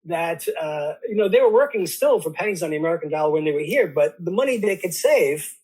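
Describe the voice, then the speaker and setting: A man with a high, husky voice hosts a relaxed chat. He talks haltingly and often restarts his sentences as he works toward his point. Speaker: host. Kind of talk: casual chat.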